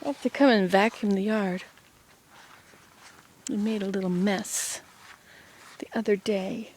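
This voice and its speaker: A woman's voice: medium pitch, steady tone, measured pace, darkish tone, slight background noise. A woman vlogging casually from home and garden, chatting in a meandering way to the camera and to herself. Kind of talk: casual rambling vlog.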